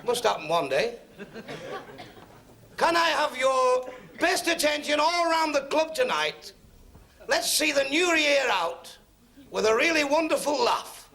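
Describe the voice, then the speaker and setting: Dry-joking high-voiced club compere. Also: male voice, big pitch swings, a little slow, gravelly, long pauses, sharp tone. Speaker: compere of a club variety show. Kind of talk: compering, introducing acts. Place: working men's club stage on TV. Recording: noisy 1970s TV recording, club crowd.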